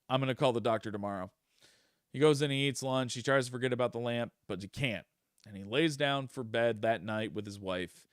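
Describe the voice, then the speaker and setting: A young man telling a spooky story in a casual, conversational way, swearing freely and pausing with fillers. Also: mid-range voice, a bit bright, dry recording, clean studio sound. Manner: conversational, swears often, many fillers and restarts. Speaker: storyteller host.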